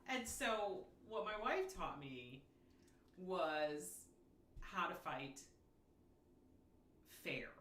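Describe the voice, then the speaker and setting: Lively New woman in an echoey room. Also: on the low side, very slow, long pauses, slight background noise. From New York. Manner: lively storyteller, acts out quoted arguments. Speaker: podcast co-host. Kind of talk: casual chat.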